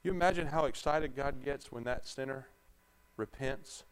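Delivering a sermon, a male pastor with a clear, resonant, medium-pitched voice speaks at normal speed. He swings between quiet, conversational stretches and loud shouting, and calls on the congregation to answer him.

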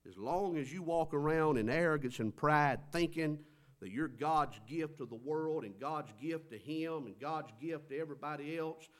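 A man preaching a sermon, swinging between loud stressed phrases and quiet drawn-out words. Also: on the high side, expressive.

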